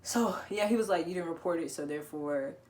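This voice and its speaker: A teenage girl with a low voice tells a story casually, lively and laughing often, jumping into the voices of people in it. Her voice comes through an echoey room with a faint hum of ambience behind it. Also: brisk, recorded from a distance. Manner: animated, laughing, swearing, acting out quotes. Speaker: vlogger telling a story.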